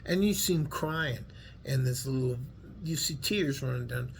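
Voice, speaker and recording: Gravelly folksy Texan man rambling earnestly. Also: fairly high pitch, lively intonation, measured pace, a little mellow, a little hiss or hum. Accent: West Texas. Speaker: vlogger. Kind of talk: casual heartfelt monologue to viewers.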